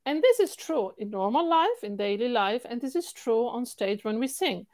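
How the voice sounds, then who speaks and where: A woman with an Italian accent, a singing coach answering interview questions in an animated way, repeating words for stress and laughing often. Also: fairly high pitch, normal speed, no room sound.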